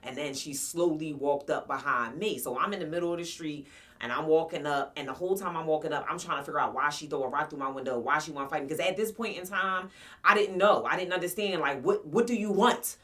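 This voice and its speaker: A woman's voice: deep voice, fast, fairly bright tone, distant mic. A woman in her forties casually telling a personal story to her viewers, blunt, slangy and profane. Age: 40s. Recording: voice somewhat off-mic.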